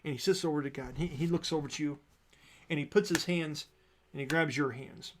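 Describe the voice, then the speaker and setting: Brief: male game master narrating scenes, with a bit of a lifted pitch and plenty of fillers. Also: brisk, noisy background. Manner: descriptive, with frequent fillers.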